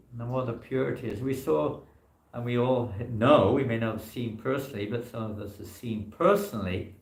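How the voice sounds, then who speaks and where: In an echoey temple hall, a monk teaches an informal scripture class in a conversational, meandering way, leaning heavily on "you know." His voice is mid-range with vocal fry.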